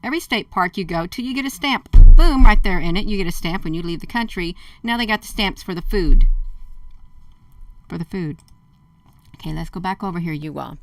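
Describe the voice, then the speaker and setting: With soft music in the background, a woman with a lowish, a bit bright voice talks expressively and a little fast. Hosting a livestream, she's urgent and emphatic, tackling viewer comments on the fly and addressing everyone as "you all".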